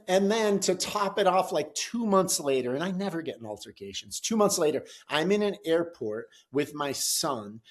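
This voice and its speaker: A middle-aged man telling a story in a casual, animated way, swearing and acting out the quotes loudly. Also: fairly high pitch. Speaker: podcast guest, gym founder.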